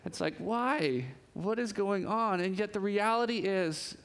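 Congested pastor preaching, slightly high voice. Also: male voice, unhurried, clear, resonant tone. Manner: lively storytelling with quoted voices. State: congested, sniffly. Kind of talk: sermon with opening prayer. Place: church.

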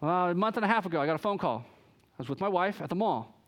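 A man preaching a sermon, telling stories with lively energy and acting out the voices of the people in them. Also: high-pitched, fast. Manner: animated storytelling, acts out quoted voices. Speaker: pastor.

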